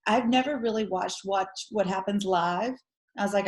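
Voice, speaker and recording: A woman's voice: medium pitch, moderate pace. A woman in her forties from Georgia with a Southern accent, a guest chatting casually and laughing easily. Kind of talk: casual interview chat. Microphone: video call. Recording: echoey room on a video call.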